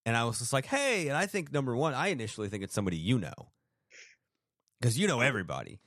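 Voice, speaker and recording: A man of middle pitch co-hosts a casual podcast, spinning a story with constant fillers and restarts. He slips into little voices to quote people. The sound is dry and close, with no room around it. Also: big pitch swings, rapid-fire, a bit bright, no room sound. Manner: rambling storyteller, acts out quotes, many fillers. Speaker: podcast co-host. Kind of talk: casual chat.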